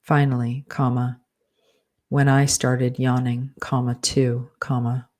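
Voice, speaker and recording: A man's voice: mid-range voice, level tone, slow, a little mellow. A man dictating a novel aloud, speaking each comma and period as he goes. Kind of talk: dictation with punctuation spoken aloud.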